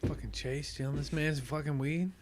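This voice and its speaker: A man's voice: fairly high pitch, fairly even intonation, normal speed, a little hiss or hum. A man making joking remarks and steering the conversation on a casual podcast. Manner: joking interjections, steering the topic. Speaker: podcast co-host. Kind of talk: casual chat.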